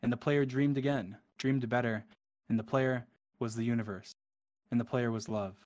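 A man streaming live, reading a long poem aloud as it scrolls past and breaking off into exasperated asides when the text moves too fast. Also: mid-range voice, fairly even intonation, darkish tone.

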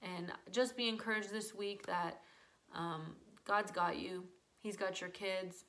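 A woman's voice: mid-range voice, fairly even intonation, slow, pushed and bright. A woman speaks to mothers in an earnest, encouraging devotional tone. Her voice sits in an ordinary middle range, and she leans on the word "just" as she reassures. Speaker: church speaker.

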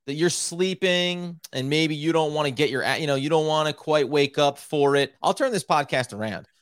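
A man's voice: a little high, steady tone, normal speed, smooth, no echo. A man hosting a sports podcast in loose, joking chat. He hams up his introductions with a mock-grand flourish, and the sound is close and dry. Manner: playful, mock-grandiose banter. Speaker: podcast co-host.

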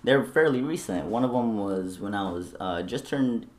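A young man telling stories in casual chat, swearing often and animated. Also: fairly low pitch, moderate pace. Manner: profane, animated storytelling. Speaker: storyteller.

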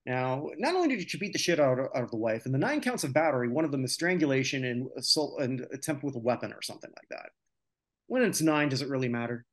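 A man's voice: medium pitch, animated, quick pace. A man hosting a casual sports talk podcast, venting his opinions with lots of filler sounds. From North America. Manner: opinionated, ranting, many filler "uh"s. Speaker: podcast host.

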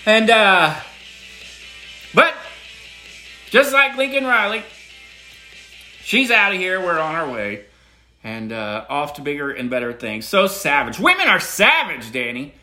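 A middle-aged man talks in a loose, rambling voice message, with a swinging, lively pitch. His voice is bright and forceful, and he hammers on repeated words. Faint music plays underneath. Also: unhurried, long pauses. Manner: animated and emphatic, with repeated words. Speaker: listener sending a voice message. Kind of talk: casual rambling monologue.

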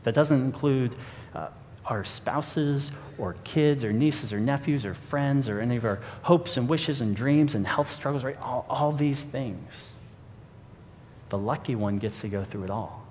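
A man's voice: a little slow, darkish tone. A man giving an earnest, reflective sermon as a pastor, telling a story to his congregation. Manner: earnest, reflective preaching with a story read aloud. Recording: reverberant hall with faint rumble.

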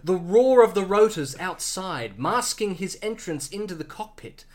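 Playful storyteller with a lively pitch. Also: unhurried. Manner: playful, laughs often. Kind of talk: improvised comic story narration.

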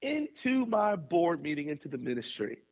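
Male pastor, interview guest, lively storyteller who laughs a lot, slightly high voice, dry close sound. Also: moderate pace, no echo, muffled recording.

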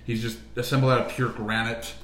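A man's voice: mid-range voice, flat delivery, brisk, a bit bright, reverberant, slight background noise. A young man hosting a casual sports podcast, chatty and opinionated, often laughing as he talks. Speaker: podcast host. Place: room, walking around.

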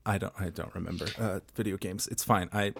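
A man pitching a game show idea on a comedy podcast, rambling and swearing playfully as he goes. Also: steady tone, fairly quick, vocal fry, dry recording, clean studio sound.

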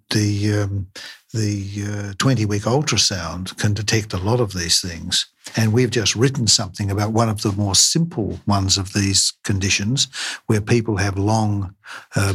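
An older man, a craniofacial surgeon, answering interview questions in a halting way with many fillers and restarts. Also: on the low side, a bit bright, breathy edge. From Australia.

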